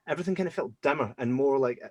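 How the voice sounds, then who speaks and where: A man hosting a podcast, telling personal stories in a casual, animated way and acting out his own reactions. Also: mid-range voice, racing, no echo, muffled recording. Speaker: podcast host. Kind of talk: casual storytelling chat.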